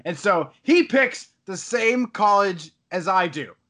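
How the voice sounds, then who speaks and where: A man's voice: high voice, animated, takes it slowly, bright, forceful tone. A man in casual chat, animatedly retelling a video game story and laughing as he goes.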